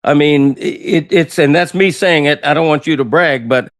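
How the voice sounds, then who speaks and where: A man's voice: fairly high pitch, normal speed, no echo, clean studio sound. Fields: male talk show host, earnest. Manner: earnest, complimentary. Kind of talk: radio talk show interview.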